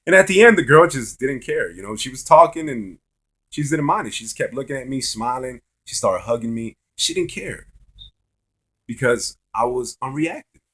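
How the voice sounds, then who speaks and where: Dating vlogger, male: brash and bright, swears freely, rambling anecdote style. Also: medium pitch, lively intonation, normal speed. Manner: profane, loose, repetitive. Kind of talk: casual storytelling monologue.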